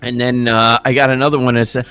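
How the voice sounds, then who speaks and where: A man chatting excitedly and rambling on a livestream, swearing freely, with faint music underneath. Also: mid-range voice, fast talker, smooth, no echo. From US Midwest. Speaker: livestream co-host. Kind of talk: casual chat.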